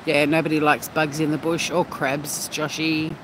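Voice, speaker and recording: A man's voice: a little high, little pitch movement, normal speed. An Australian man hosting a casual live stream at the beach, talking to his chat in a blunt, chatty way that is full of swearing. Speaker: livestream host reading chat. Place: outdoors at a beach. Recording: noisy outdoor street sound.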